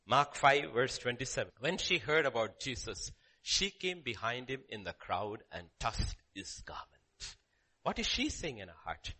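A man preaching a sermon, emphatic and repetitive, swinging from loud calls to hushed lines. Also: mid-range voice, sing-song, unhurried, slightly rough.

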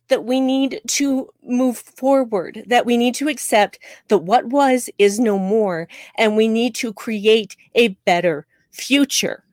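A woman's voice: high-pitched, dry recording, studio quality. A woman co-hosting a casual podcast chat, talking in an impassioned and emphatic way. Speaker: podcast co-host.

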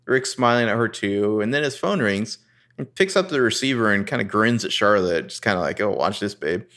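Man, low voice, podcast co-host. Relaxed, hesitant episode recap. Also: fairly quick. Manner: relaxed, hesitant, reads dialogue aloud in a flat tone. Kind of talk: casual chat recapping a TV episode.

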